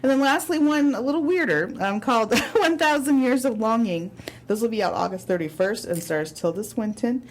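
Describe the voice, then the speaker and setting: A woman's voice: a little high, lively intonation, moderate pace. A woman co-hosting a movie podcast in casual chat, rambling with fillers and frequent laughs. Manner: chatty, laughs often, filler-heavy. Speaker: podcast co-host.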